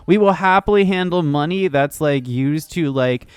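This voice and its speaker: A woman's voice: low voice, moderate pace, a little mellow, clear, resonant tone, no echo. A woman hosting casual news commentary, rambling and swearing, with many filler "likes". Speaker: streamer news host.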